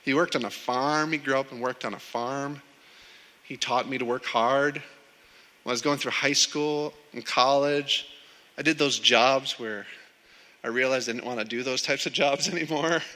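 A man's voice: mid-range voice, steady tone, moderate pace, bright, forceful tone. A man preaching a sermon in a conversational way, often repeating words as he starts a sentence. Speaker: pastor. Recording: long hall reverb.

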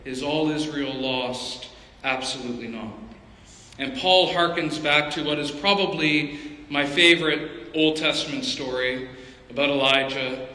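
A man preaching as a pastor in an expository sermon, conversational and animated, with personal asides. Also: fairly high pitch. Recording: echoey hall with long reverb.

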